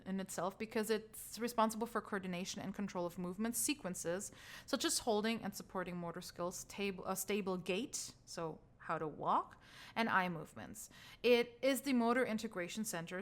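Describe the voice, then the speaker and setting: A woman with as her gives a recorded course lecture on brain anatomy in a relaxed teaching voice. She talks in a casual, chatty way and laughs at her own slips. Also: medium pitch. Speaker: trauma healing instructor.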